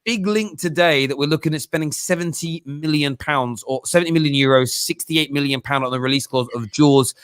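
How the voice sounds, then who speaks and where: A man hosts a casual football show, voice sitting a little high and lively, telling jokey stories. The sound is close and dry, with no room around it. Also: fairly quick, hardly any pauses, clean tone, no room sound. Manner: animated, jokey storytelling. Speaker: host.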